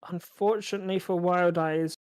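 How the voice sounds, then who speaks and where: A man's voice: high voice, steady tone, moderate pace, darkish tone, clean tone. A man commentating a card game match, analytical and stumbling over small restarts as he talks through the plays. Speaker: esports caster. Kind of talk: play-by-play commentary.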